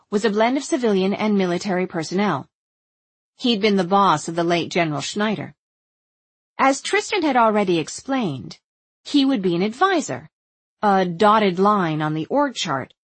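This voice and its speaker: A woman narrating an audiobook in a wry, observant first-person voice. Her tone is husky and her pitch moves in a lively way, and the recording is close and dry. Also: no room sound. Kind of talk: scripted narration.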